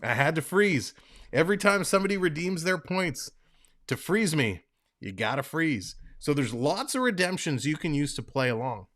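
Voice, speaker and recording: A man's voice: a little high, sing-song, moderate pace, fairly bright tone. A man hosting a live stream, calling hockey play-by-play in an upbeat, chatty way and talking to viewers in the chat. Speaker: livestream host and play-by-play commentator.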